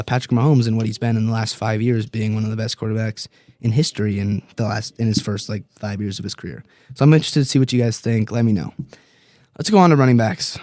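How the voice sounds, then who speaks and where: A young man chats through his podcast in a loose, rambling way, animated and quick to poke fun at himself. His voice is warm and mellow. It is recorded dry and close, with no room sound. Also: on the low side, no room sound. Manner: rambling, animated, self-deprecating. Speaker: podcast host. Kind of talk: casual fantasy football chat.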